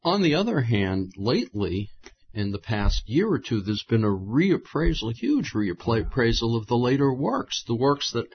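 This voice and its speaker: A man's voice: medium pitch, sing-song, moderate pace, breathy edge, dull audio. A man, a longtime interviewer, talking in casual conversation and asking thoughtful, long questions.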